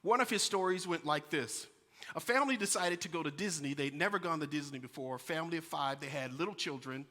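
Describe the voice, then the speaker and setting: A male pastor preaching a sermon, with animated stories and asides to the congregation. His voice is bright and a bit high. It rings out in a church sanctuary with long reverb. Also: fast talker. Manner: storytelling, animated, addresses congregation.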